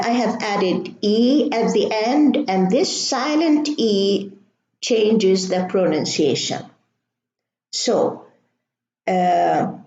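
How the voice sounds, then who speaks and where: Woman teacher, very slow, deliberate word-by-word pronunciation drill; roomy, dull lo-fi recording. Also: mid-range voice, a little mellow. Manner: reads out word lists slowly and deliberately, with fillers. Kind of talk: slow classroom-style pronunciation lesson.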